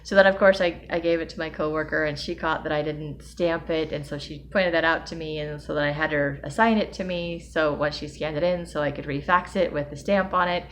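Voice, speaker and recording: Woman vlogger, young adult, low-pitched, overwhelmed, rambling confessional with nervous laughs, faint hum behind. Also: steady tone, a little fast, hardly any pauses. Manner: emotional, rambling, self-deprecating with nervous laughs. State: emotionally overwhelmed. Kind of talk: personal video diary.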